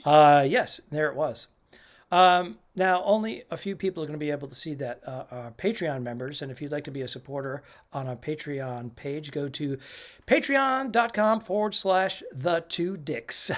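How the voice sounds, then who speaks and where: A man's voice: a little high, normal speed. A man co-hosting a comedy podcast, chatting casually and animatedly, laughing often. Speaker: podcast co-host.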